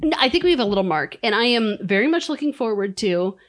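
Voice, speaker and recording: A woman's voice: fairly high pitch, sing-song, quick pace. A young woman chatting casually with family, playful and laughing often. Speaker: daughter, expecting a baby.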